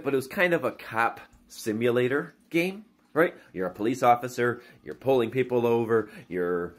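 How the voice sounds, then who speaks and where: A man ranting casually to camera about games, animated and exasperated, often restarting his sentences. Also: mid-range voice. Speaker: gaming YouTuber.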